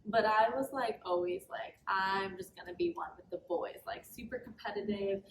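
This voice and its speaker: A woman's voice: medium pitch, moderate pace, slight background noise. A young woman talking candidly about her own life as a podcast guest, with a casual, chatty manner and lots of "like". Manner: candid, chatty, heavy use of "like". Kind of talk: casual personal storytelling. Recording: roomy sound, mic at a distance.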